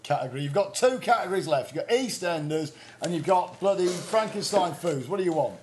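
High-pitched guy hosting a goofy quiz, flustered and teasing. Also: animated, fairly quick, slight background noise. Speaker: quizmaster. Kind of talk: mock quiz show banter.

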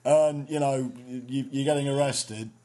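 A man's voice: mid-range voice, fairly even intonation, unhurried, dark tone. A man with a northern English accent co-hosting a casual comedy chat, rambling and swearing with jokey asides. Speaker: podcast co-host.

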